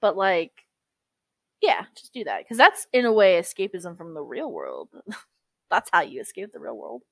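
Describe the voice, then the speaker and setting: A woman's voice: on the low side, big pitch swings, normal speed, gravelly, fairly bright tone, no echo. A woman co-hosting a podcast in casual chat, talkative and profane, calling everyone girl. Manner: chatty, swears freely, calls everyone girl. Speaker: podcast co-host.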